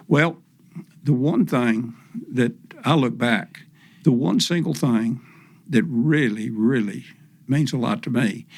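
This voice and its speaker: An older man, a podcast guest, telling long, folksy stories with many pauses and repetitions. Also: medium pitch, vocal fry. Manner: rambling, folksy, repeats himself with many "uh"s. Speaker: guest, professional fisherman. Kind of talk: storytelling in a podcast interview.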